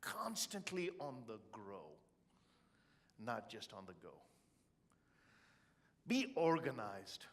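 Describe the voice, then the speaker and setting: Middle-aged man, motivational speaker, expressive storytelling, humorous, mid-pitched voice. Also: slow, gravelly, pauses often. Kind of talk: live motivational talk.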